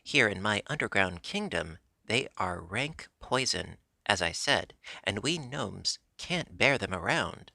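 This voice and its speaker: A man's voice: fairly low pitch, animated, a little slow, gravelly, few pauses, pushed and bright, no echo, clean studio sound, exaggerated voice. A man voicing a small, nervous, blustering underground king who is easily startled, in a storybook reading. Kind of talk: audiobook character voice.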